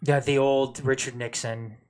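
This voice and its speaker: A man's voice: medium pitch, flat delivery, unhurried, darkish tone. Man, sports talk co-host, casual debate, emphatic, passionate, repeats for emphasis. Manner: emphatic, reads viewer comments aloud; passionate, repeats himself when making a point.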